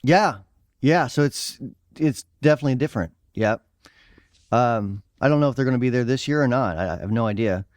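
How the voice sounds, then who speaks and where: A man with a Midwestern accent co-hosting a podcast, talking loosely and rambling with plenty of fillers. His voice sits at an ordinary pitch, recorded dry and close with no room around it. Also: brisk, no room sound. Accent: American Midwest. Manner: relaxed, rambling with fillers and laughs. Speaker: podcast co-host. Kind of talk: casual chat.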